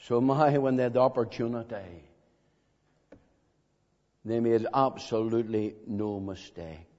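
In a meeting hall, a man delivers an evangelistic sermon slowly and dramatically, pressing listeners with emphatic questions. His voice is medium-pitched and darkish, captured in a dull lo-fi recording with lots of hall reverb.

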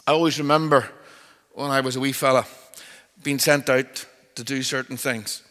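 A middle-aged man preaching an expository sermon, emphatic and pleading, swelling loud and dropping soft. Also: medium pitch, level tone, normal speed. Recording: long reverb of a large hall.

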